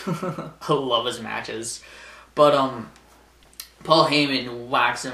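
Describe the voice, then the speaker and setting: A man's voice: mid-range voice, steady tone, slow, long pauses, pushed and bright. A young man casually recapping a wrestling show, rambling, laughing often and acting out the wrestlers' lines. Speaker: wrestling vlogger. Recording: echoey room.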